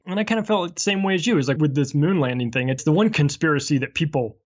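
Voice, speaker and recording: A man who is an author and podcast guest, talking in a chatty, animated way and acting out small exchanges. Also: a little high, fast, muffled recording. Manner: chatty and animated, acts out little dialogues. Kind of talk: casual conversational interview.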